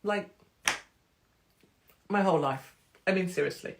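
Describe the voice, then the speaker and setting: A woman hosting a casual livestream chat, cheeky and excitable, rambling with asides and joking interruptions as she reads out announcements. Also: mid-range voice, measured pace, noisy background. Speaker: host.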